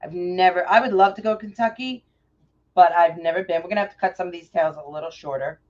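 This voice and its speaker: A middle-aged woman from New York with a New York accent, chatting warmly and effusively with viewers by name while crafting on a livestream. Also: lowish voice, fast talker. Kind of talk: casual livestream chat while crafting bows. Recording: dull lo-fi livestream audio.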